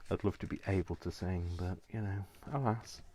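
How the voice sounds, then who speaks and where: A man's voice: low-pitched, unhurried, mellow, a little hiss or hum. A man in his fifties chatting casually and rambling with self-mocking asides while he does a craft project. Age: 50s. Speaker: craft vlogger.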